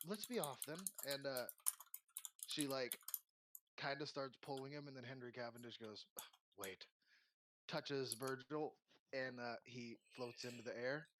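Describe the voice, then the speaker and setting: A man's voice: medium pitch, fairly bright tone, a little hiss or hum. A man narrating as game master for a tabletop game, in a casual, rambling way full of fillers.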